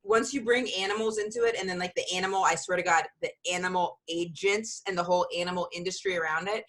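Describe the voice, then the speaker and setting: A woman's voice: on the low side, fairly even intonation, fast talker, fairly bright tone. A woman co-hosting a podcast, a comedian talking in an easygoing, rambling way. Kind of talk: casual chat.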